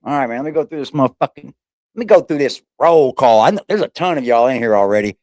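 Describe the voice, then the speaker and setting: A fast-talking man with a darkish, medium-pitched voice and lively intonation does a casual live-chat roll call on his home livestream, naming chatters in a profane, slangy, playful way. The sound is studio quality with no room sound, captured by a stabilized fixed camera.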